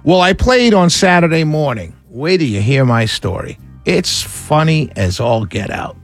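Lively high-voiced male radio host. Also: a little slow, no room sound, faint music behind. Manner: animated, rambling, chatty. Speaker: radio talk show host. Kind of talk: talk radio monologue and caller chat.

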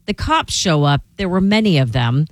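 A woman's voice: fairly low pitch, expressive, moderate pace, no room sound. A woman co-hosting a show, chatting casually and telling stories with amusement. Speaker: show co-host. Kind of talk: casual chat.

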